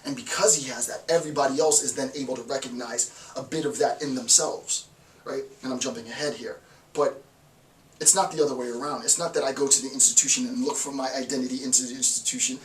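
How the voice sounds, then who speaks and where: A man's voice: mid-range voice, fast. Emphatic male professor in echoey room. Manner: emphatic, repetitive, animated, with laughs. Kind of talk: philosophy lecture. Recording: roomy, distant mic, faint noise.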